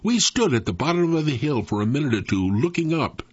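A man tells a first-person story with lively, dramatic expression and a rising and falling pitch. His voice is husky and the recording is dry and dull, with a lo-fi sound. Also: brisk, no room sound.

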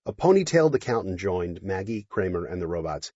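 Husky guy reading a story aloud, lively and low, dry dull audio. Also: fairly quick, few pauses, no echo. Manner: expressive, storytelling. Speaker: audiobook narrator. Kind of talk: audiobook narration.

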